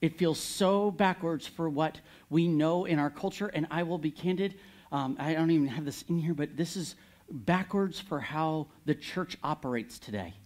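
A man preaching a sermon, candid and animated, retelling a Bible story with occasional laughs. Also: on the high side, normal speed.

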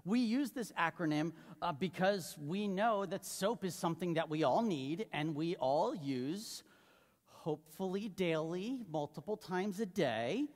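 In a church sanctuary, a male pastor preaches in a loose, conversational way, joking and asking the congregation questions. His voice sits high with lively intonation and a darkish tone, and he's unhurried. The recording has the long reverb of a large hall.

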